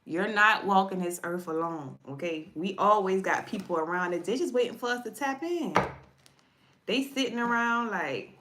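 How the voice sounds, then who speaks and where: A woman's voice: medium pitch, animated, normal speed, a bit bright. A woman tarot reader telling a personal story to viewers in a casual livestream, chatty and repetitive, often addressing her audience directly. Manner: chatty, repeats herself, speaks directly to viewers.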